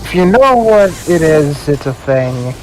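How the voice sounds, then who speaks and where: A guest on a gaming stream chats casually, musing aloud and asking questions at a very slow, drawn-out pace. The voice sits at a middling pitch. Faint game music plays underneath. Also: very animated, poor audio. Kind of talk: casual chat.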